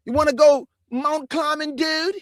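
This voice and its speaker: A chirpy, sing-song suburban teen boy, pitched well above a man's normal voice as a man mocks him. It is cheerful and exaggerated, with a bouncy, overdone brightness in every line. The sound is dry and close. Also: fairly even intonation, moderate pace, no echo.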